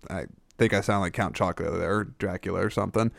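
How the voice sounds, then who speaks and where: A man's voice: on the low side, fairly even intonation, brisk, creaky, dry recording. Rambling man hosting a podcast, dry sound. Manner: rambling, self-deprecating, frequent stammered restarts. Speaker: podcast host. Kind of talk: casual solo podcast monologue.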